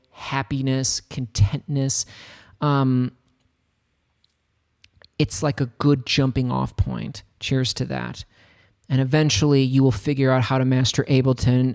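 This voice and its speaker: A chatty American man streaming a laid-back production session. He rambles happily from one thought to the next at an ordinary pitch. The talk is relaxed and unscripted. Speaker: music producer streaming a tutorial. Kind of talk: casual livestream chat. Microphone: studio microphone.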